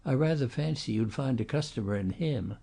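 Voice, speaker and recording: A man voicing a cultured, coolly polite older gentleman who has come down in the world. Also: medium pitch, expressive, brisk, gravelly. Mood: aloof.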